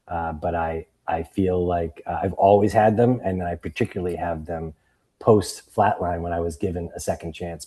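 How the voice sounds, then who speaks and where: A man's voice: low voice, slightly rough. A man in his fifties from Boston, a guest author and coach telling stories in a casual interview and acting out the voices of people he quotes. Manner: animated storyteller who acts out quoted voices.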